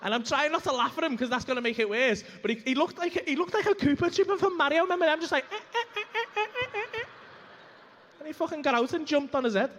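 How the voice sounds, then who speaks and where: A man's voice: very high voice, very fast, few pauses, fairly bright tone, in a large hall, slight background noise. A young man telling a rambling, sweary stand-up story on a comedy club stage. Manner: brash, sweary, rambling anecdote full of asides.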